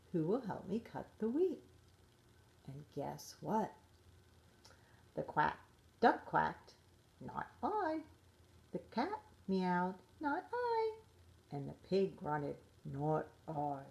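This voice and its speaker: A middle-aged woman reads a children's storybook aloud, gentle and expressive. Her mellow voice rises and falls in a lively way as she takes her time. The room adds a noticeable echo. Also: lowish voice. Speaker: parent reading to children. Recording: roomy echo.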